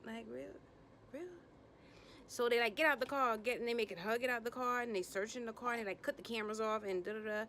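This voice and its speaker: A woman's voice: very fast, hardly any pauses, slight background noise. A woman recapping a reality TV episode in blunt, slangy, sassy commentary, acting out people's lines as she goes. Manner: animated, acts out quotes in bursts of higher pitch.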